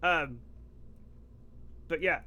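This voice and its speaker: A middle-aged man from the United States, streaming live and joking loudly with his chat as he rants about pronunciation. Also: fairly high pitch, very slow.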